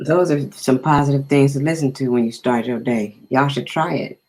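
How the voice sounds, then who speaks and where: A man's voice: mid-range voice, moderate pace, darkish tone, rough recording. A man hosting a casual live stream, chatting easily and greeting viewers by name.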